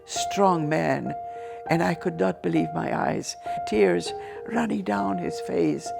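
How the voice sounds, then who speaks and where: Gravelly-voiced woman telling a faith testimony. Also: low voice, sing-song, takes it slowly, over music. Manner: vivid storytelling, acts out quoted dialogue. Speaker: guest telling her testimony. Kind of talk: storytelling testimony.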